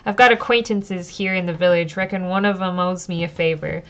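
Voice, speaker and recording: A woman's voice: fairly low pitch, steady tone, fairly quick, fairly bright tone, lo-fi sound. A woman reading the lines of a grumbling male coach driver in her own plain voice. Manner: read plainly, no put-on accent.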